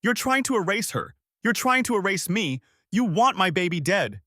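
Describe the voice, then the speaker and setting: A woman's voice: big pitch swings, moderate pace, fairly bright tone, no echo, studio quality. A man voicing a hysterical, entitled young pregnant woman who screeches and shrieks in a storytime narration. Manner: shrill, screeching.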